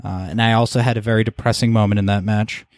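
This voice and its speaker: A man's voice: on the low side, fairly even intonation, quick pace, darkish tone, no echo. A man hosting a podcast, talking casually and rambling with lots of ums and restarts. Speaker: podcast host. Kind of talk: casual chat.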